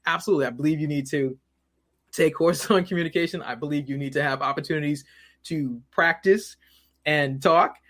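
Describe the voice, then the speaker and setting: A man's voice: a little high, brisk. A man as an interview guest, talking casually and acting out the voices of people in his stories, often repeating words as he goes. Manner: animated storyteller who acts out quoted voices, repeats words.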